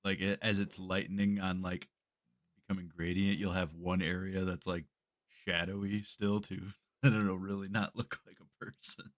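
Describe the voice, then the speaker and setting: A man's voice: sits low, level tone, moderate pace. A man co-hosting a podcast in a laid-back, profane casual chat, chuckling between remarks. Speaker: podcast co-host.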